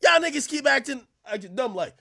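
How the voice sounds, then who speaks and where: A man hosting a livestream, ranting loudly and profanely, often laughing and now and then rapping lines in a casual chat. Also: extremely high pitch, expressive, a little fast, vocal fry, no room sound, studio quality. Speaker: livestream host.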